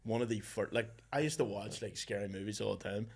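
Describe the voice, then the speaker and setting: A young man with a Northern Irish accent, a comedian guest in casual, animated chat who keeps slipping into silly voices. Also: fairly low pitch, fast talker, vocal fry, husky. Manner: animated, jumps into silly voices, says "lad".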